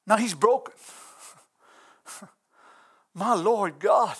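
A man with a strikingly high voice delivers a sermon with fervent intensity. He punctuates his preaching with exclamations and swells into shouts, pressing each point hard. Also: lively intonation, measured pace, long pauses.

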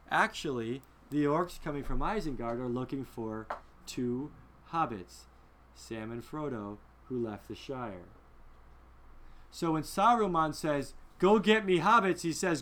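A man leading a film discussion in a lively, emphatic teaching style, often asking his listeners rhetorical questions. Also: on the high side. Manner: emphatic, conversational.

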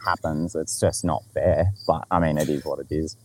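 A man's voice: a bass voice, fairly even intonation, moderate pace, darkish tone, a little hiss or hum. A man with an Australian accent telling a story in casual podcast chat, laid-back, swearing freely and laughing along.

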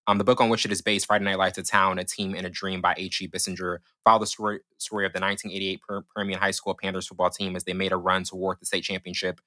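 A young man co-hosting a casual film-review podcast, talking quickly with lots of fillers and restarts. His voice is bright and forceful, and the dry, close sound leaves almost no room around him. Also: low-pitched, little pitch movement, no echo. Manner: fast, eager, many restarts and fillers. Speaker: podcast co-host.

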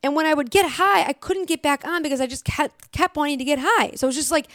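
Fast, high-pitched, and a bit bright, this young woman delivers a blunt motivational message straight to her viewers as a recovery vlogger. She curses frequently and repeats lines for emphasis, in studio-quality audio with no echo.

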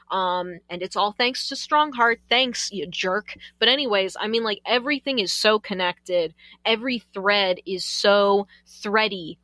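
A woman chatting casually on a podcast, gushing excitedly and exclaiming as she talks about a game. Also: mid-range voice, dry recording.

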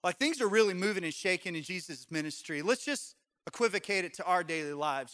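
A man's voice: high voice, lively intonation, brisk, few pauses, a bit bright. A man preaching a sermon in a church, conversational and joking with the congregation. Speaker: pastor. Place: church sanctuary.

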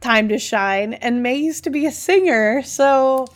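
A woman co-hosting a casual podcast, talking about games in an animated, gushing, emotional way. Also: sits high, unhurried. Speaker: podcast co-host.

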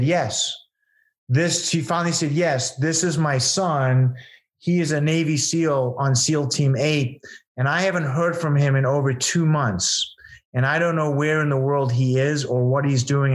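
Earnest man telling a long story. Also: on the high side. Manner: earnest, rambling, many fillers and restarts. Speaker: event founder telling stories to a host. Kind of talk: casual storytelling in an interview.

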